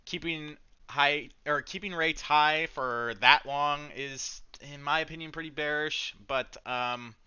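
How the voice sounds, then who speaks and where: A very bright, crisp male voice talks through the market on a live trading stream. He chatters in excited slang and shares his read on price levels. The audio is slightly dull and lo-fi. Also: a little high, measured pace. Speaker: stock trading livestream host. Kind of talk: casual live market commentary.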